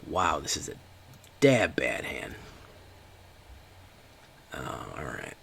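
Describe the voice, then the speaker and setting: A man with a deep voice giving casual, joking commentary while streaming a card game. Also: very animated, slow pace, vocal fry, fairly bright tone, husky. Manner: joking, chatty, talks to chat.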